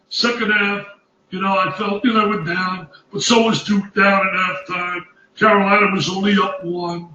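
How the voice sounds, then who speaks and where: A man giving animated, exclamatory basketball commentary and repeating himself for emphasis. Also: sits high, roomy sound, distant mic, lo-fi sound, a little hiss or hum. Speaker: basketball analyst. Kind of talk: excited sports commentary.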